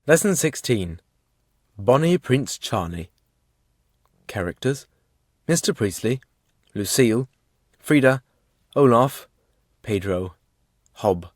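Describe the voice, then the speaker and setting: A man reading an audiobook for English learners in a measured, clear way. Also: mid-range voice, animated, darkish tone, no echo, clean studio sound. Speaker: audiobook reader.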